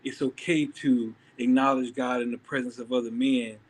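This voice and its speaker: A man, a church member and father, sharing an earnest faith testimony in a conversation, often pausing and restarting. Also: mid-range voice, level tone, a little hiss or hum.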